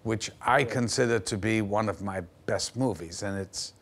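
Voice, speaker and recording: An older actor being interviewed on television, telling anecdotes and acting out the voices of the people in them. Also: male voice, on the low side, moderate pace, a bit bright. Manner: vivid, acts out the voices in his stories. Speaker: actor guest. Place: television studio.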